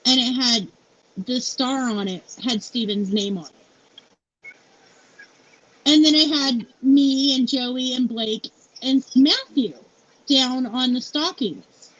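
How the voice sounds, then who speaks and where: A woman's voice: sits high, slow, long pauses, a bit bright. A middle-aged woman interviewed as a guest, candidly telling a personal story with many fillers. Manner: candid and heartfelt, many fillers like "like" and "you know". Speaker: founder and CEO interviewed as guest. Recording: dull lo-fi sound with faint noise.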